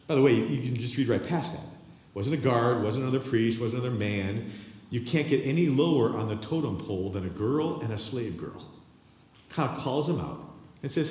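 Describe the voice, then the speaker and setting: A man's voice: mid-range voice, lively intonation, a little fast, darkish tone. A male pastor preaching a sermon, telling a story in a conversational way with frequent asides to the congregation, in a church sanctuary. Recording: echoey church hall with long reverb.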